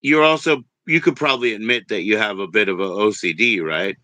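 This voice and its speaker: A man's voice: fairly low pitch, fairly quick, sharp tone, dry recording. A man hosting, patiently trying to get a word in and repeating his questions.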